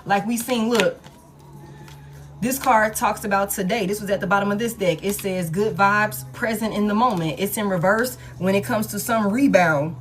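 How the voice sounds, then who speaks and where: Faint music plays behind a woman speaking at medium pitch and moderate pace. She's a tarot reader delivering a casual monologue, profane and blunt, driving her points with emphatic repetition.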